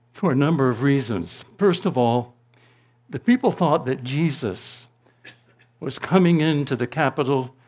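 A man preaching a sermon to his congregation, slow and deliberate, rising to emphatic proclamations and dropping to a hush. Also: mid-range voice. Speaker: pastor.

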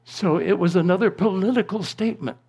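High, husky and edged with vocal fry, this pastor's voice carries a slow, deliberate sermon to the congregation. Moments of emphatic proclamation give way to hushed passages.

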